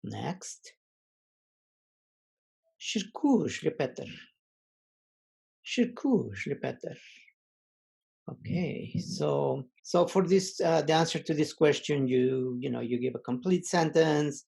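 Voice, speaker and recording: Slow, gravelly-voiced male language teacher. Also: on the high side, mellow, poor audio. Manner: slow, measured, pausing often with fillers; reads word lists aloud for repetition. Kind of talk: recorded online language lesson.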